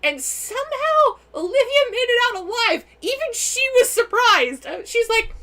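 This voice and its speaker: Excitable high-voiced woman on a stream. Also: moderate pace, few pauses, slight background noise. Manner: excitable, laughing, swears freely. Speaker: game player recounting a session on a stream. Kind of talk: casual stream chat.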